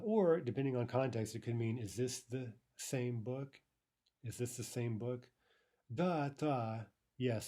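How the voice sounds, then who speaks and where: A man teaching a language lesson, explaining grammar with many fillers and repeating each example slowly. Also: mid-range voice, mellow.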